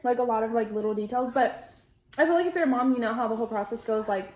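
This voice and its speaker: A young woman chatting casually as co-host of a sisters' vlog, relaxed and talking while she eats. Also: a little high, fast, echoey room. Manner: relaxed, talks while eating. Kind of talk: casual chat.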